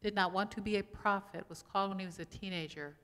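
A woman's voice: mid-range voice, fairly even intonation, fast, sharp tone. A woman pastor giving a conversational sermon, asking the congregation questions as she goes. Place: church sanctuary. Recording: long church reverb.

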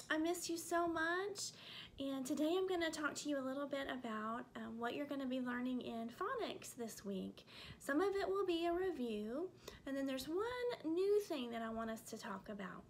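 A woman teaching a remote phonics lesson to first graders, slowly sounding out letters and vowel sounds. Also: high voice, a little hiss or hum. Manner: slow, clearly sounding out letters for small kids.

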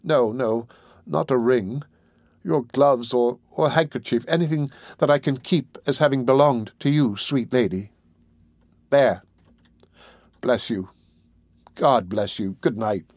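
A man's voice: medium pitch, slow pace, pauses often, a little mellow, no room sound, clean studio sound. A man reading an audiobook, voicing a frightened, desperate young woman with an urgent, pleading delivery. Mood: tender.

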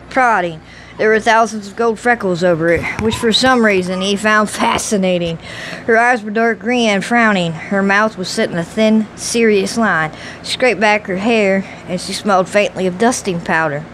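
A woman's voice: mid-range voice, slight background noise, low-quality recording. Woman narrating an audiobook. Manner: steady, measured storytelling. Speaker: audiobook reader.

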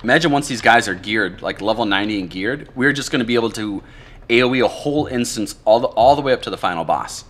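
Low-voiced man calmly commentating gameplay. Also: quick pace. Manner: relaxed, thinking aloud about strategy. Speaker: gamer commentating his own play.

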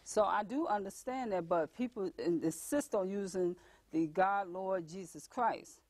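A woman's voice: medium pitch, unhurried, a little mellow, dry recording. Earnest woman hosting a faith talk show. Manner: chatty, earnest, laughs easily. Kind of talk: casual religious talk show chat.

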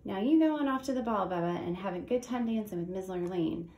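A homespun, kindly fairy god cow from a storybook, as a woman reading aloud puts her on. The voice is a bit gravelly and sits in an echoey room. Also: medium pitch, expressive, fairly quick, dark tone, lightly acted. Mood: encouraging.

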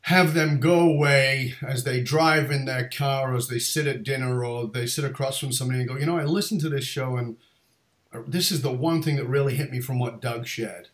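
A man's voice: medium pitch, normal speed, roomy sound. A man hosting a podcast interview, telling a rambling story full of fillers and restarts. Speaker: podcast host. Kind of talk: casual interview chat.

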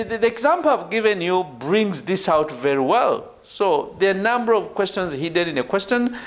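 Animated, high-pitched male lecturer. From Uganda. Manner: repeats "right" and "ladies and gentlemen" as tags; emphatic, falls low at phrase ends. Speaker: university lecturer. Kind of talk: academic lecture.

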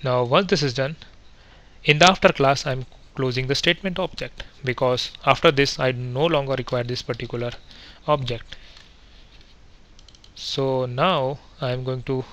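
Bright-voiced man walking through code. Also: mid-range voice, steady tone, measured pace, pauses often. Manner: methodical step-by-step, frequent fillers and self-corrections. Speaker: software testing instructor. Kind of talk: screen-recorded coding tutorial.

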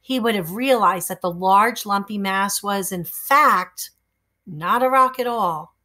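A woman reading a children's chapter book aloud, expressive and suspenseful. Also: medium pitch, a little slow. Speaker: storyteller.

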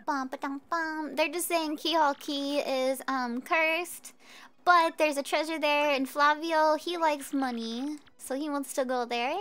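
A woman streamer chatting casually with viewers while she plays a game, bubbly and quick to giggle. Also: high-pitched. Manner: bubbly, giggly, easily excited. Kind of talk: casual gameplay chat.

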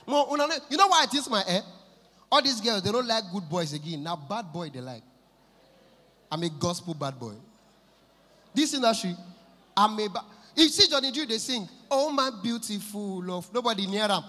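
A man with a Nigerian accent doing an animated stand-up comedy set in Pidgin English, switching into voices for his characters. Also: sits high, normal speed, long pauses. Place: large live venue with audience. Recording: echoey hall from a live show.

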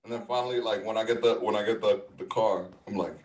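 A man from New Jersey chatting easily on a podcast, his voice sitting very low. He sounds relaxed and enthusiastic, tossing out long, loose asides. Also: reverberant, distant mic, a little hiss or hum, poor audio. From New Jersey, USA. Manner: laid-back, enthusiastic, drawn-out asides. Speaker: podcast guest. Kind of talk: casual chat.

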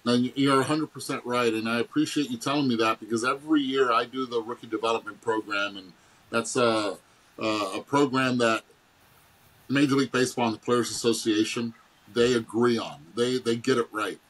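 Captured on poor audio, this guest is a middle-aged man who once played baseball, speaking at normal speed as he spins casual stories. He acts out quotes with big leaps in pitch and laughs a lot.

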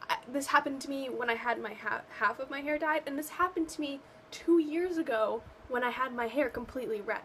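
A woman's voice: sits high, brisk, few pauses, a bit bright, a little hiss or hum, poor audio. A young woman ranting to camera in a vlog, exasperated and sarcastic, rambling with lots of fillers. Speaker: vlogger. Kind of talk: casual rant to camera.

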